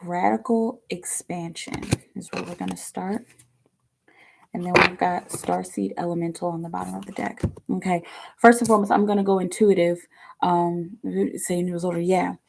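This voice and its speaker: A woman with a tired, bass-heavy voice, rambling chattily with many fillers as she gives a live online tarot reading. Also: fairly even intonation, moderate pace, vocal fry, heavy background noise. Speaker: tarot reader.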